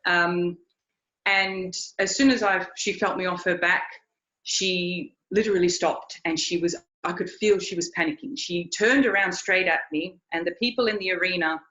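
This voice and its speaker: A woman's voice: on the low side, fairly bright tone. A woman riding instructor telling a story in a recorded interview, earnest, often repeating her words. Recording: echoey, dull lo-fi sound.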